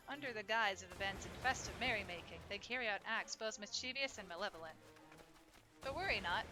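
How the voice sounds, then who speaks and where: A woman's voice: on the high side, bright, forceful tone, rough recording. A woman voicing a grandiloquent festival organizer with formal, theatrical, old-fashioned phrasing. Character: grandiloquent festival organizer plotting against a circus. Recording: game music playing underneath.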